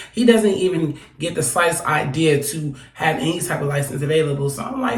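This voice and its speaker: A young woman telling a storytime straight to camera, animated and blunt, swearing freely. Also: deep voice, brisk, few pauses. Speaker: vlogger. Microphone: phone or camera held close. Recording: echoey room.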